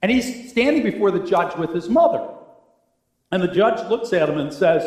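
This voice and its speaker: High-voiced pastor preaching in an echoey church. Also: male voice, big pitch swings, moderate pace. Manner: dramatic preacher, swings from hushed to loud. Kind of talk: sermon.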